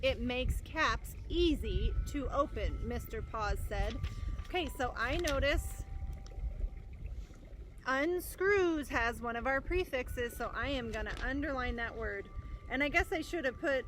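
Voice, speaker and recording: A woman teaching a remote reading lesson to young students, upbeat and encouraging, reading aloud slowly and carefully, recorded on a laptop microphone outdoors in her garden with wind noise. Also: high-pitched, animated. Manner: slow, careful read-aloud delivery.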